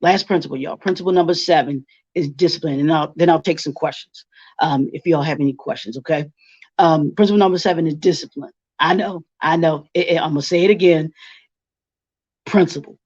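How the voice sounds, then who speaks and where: A man's voice: on the high side, fairly quick, a little mellow, breathy edge. A man leading a workshop presentation, firing off rhetorical questions and repeating each point twice. The recording is dull and lo-fi, with a dry, close sound and no room echo. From Baltimore.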